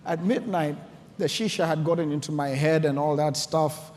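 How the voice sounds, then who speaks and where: A man with a fairly high voice gives a conference talk, telling stories with earnest feeling. His words ring out through a large hall with a long reverb trailing behind them. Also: steady tone, moderate pace, darkish tone, slight background noise. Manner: earnest, storytelling, emotional emphasis. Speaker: conference speaker.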